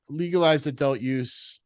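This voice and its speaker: A man from the United States hosting a casual podcast interview, easygoing and joking, with quick comic voices. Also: a little high, no room sound, studio quality. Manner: easygoing, jokey, does quick funny voices. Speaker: podcast host.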